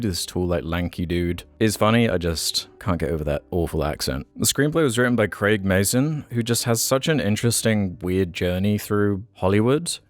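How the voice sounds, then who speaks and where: A man's voice: lowish voice, dry recording. A man giving a casual, opinionated film review with wry, candid asides.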